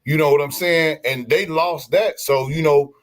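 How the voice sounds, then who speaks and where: A man in casual stream chat, telling history stories in an animated, preachy way with many restarts. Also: a little high, normal speed.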